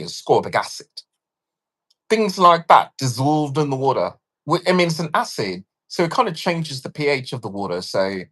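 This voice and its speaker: A woman livestreaming a casual rant, animated and sarcastic, swearing freely and swinging between loud bursts and hushed asides. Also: a bass voice, husky. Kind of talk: casual live-stream rant.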